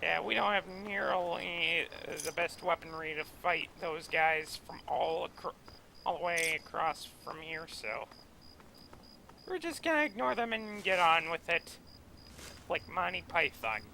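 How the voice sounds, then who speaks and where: A man's voice: fairly high pitch, unhurried, creaky, bright, forceful tone, a little hiss or hum, low-quality recording. A man giving casual commentary while playing a video game, chatty and rambling off on tangents. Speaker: let's play gamer.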